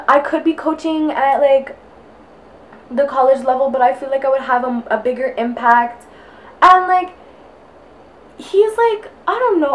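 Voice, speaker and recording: There's a little hiss or hum under this young adult woman's high-sitting voice as she vlogs at home during her getting-ready routine. She chats casually, breathless and rambling, leaning on fillers throughout.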